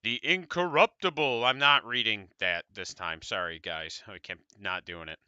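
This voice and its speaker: Talking tabletop wargames on a podcast, this American co-host keeps things laid-back and meandering, with the odd swear word. His pitch is fairly low, his pace moderate, and his tone sharp yet clean. The recording is dry and sounds dull.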